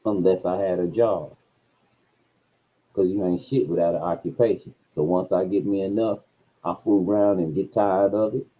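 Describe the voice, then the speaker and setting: A man telling a profane story in a casual rant, his voice swinging between low mutters and loud outbursts. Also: steady tone, moderate pace, poor audio. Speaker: streamer.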